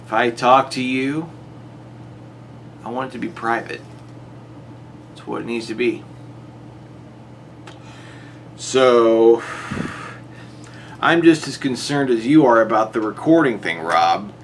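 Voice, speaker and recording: A man's voice: mid-range voice, a little slow, pauses often, a little hiss or hum. A man delivering an exasperated monologue to a rival YouTuber, his voice jumping up on rhetorical questions. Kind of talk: monologue to camera.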